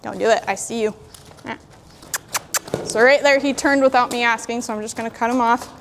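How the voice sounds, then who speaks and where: A woman horse trainer in a sandy arena, calmly explaining while she works a young horse and talks to it. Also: a little high, fairly quick, slight background noise. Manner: calm, plainspoken, talks to the horse in between. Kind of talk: training demonstration.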